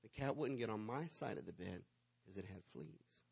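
Animated man preaching a story. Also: lowish voice, moderate pace, creaky, breathy edge. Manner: animated storyteller, swings from loud to hushed. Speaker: pastor. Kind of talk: sermon with personal story.

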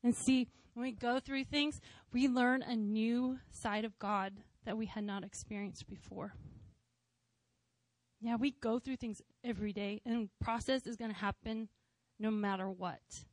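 A woman in her thirties gives a conversational sermon testimony, speaking from the heart with a bit of gentle humor woven in. Her voice sits fairly high, and the recording is close and dry, with almost no room sound. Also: steady tone, unhurried, no room sound. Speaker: church speaker sharing testimony.

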